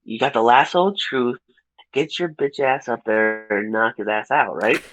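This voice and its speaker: A young man co-hosting a casual film review podcast, ranting profanely and laughing through animated retellings. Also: mid-range voice, moderate pace, no echo, poor audio. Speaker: podcast co-host.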